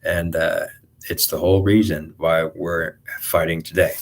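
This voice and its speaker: Brief: deep-voiced man, husky tone, halting rambling monologue full of restarts. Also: little pitch movement.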